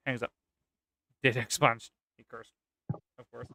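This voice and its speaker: A man's voice: mid-range voice, little pitch movement, measured pace, vocal fry, long pauses, sharp tone, no room sound. A man reading a document aloud with casual, sarcastic commentary and occasional swearing. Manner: sarcastic, swears, laughs at the text. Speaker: gaming content creator.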